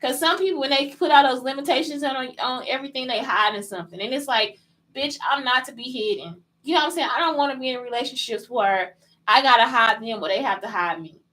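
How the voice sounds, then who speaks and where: Talking fast in a high, fairly bright voice, this podcast host runs a casual solo show, hitting "y'all" listeners directly with blunt, profane rhetorical questions. The recording is rough.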